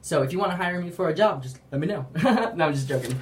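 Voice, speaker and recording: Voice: mid-range voice, quick pace, slight background noise. A speaker giving a casual faith testimony, rambling with lots of "like" and acting out quotes animatedly. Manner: rambling, heavy use of "like"; animated storytelling with acted-out quotes. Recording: roomy, distant from the mic.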